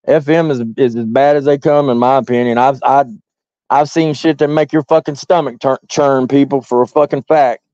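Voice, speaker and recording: A man's voice: on the high side, mellow, no echo. A man ranting in a heated way, swearing constantly and rambling as he talks straight to his viewers. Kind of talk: heated profane rant. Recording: dull lo-fi audio.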